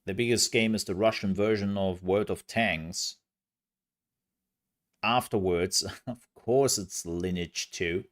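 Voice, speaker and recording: A man's voice: sits low, slow pace. A man streaming, chatting casually with viewers in a rambling, self-mocking way. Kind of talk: casual live-stream chat.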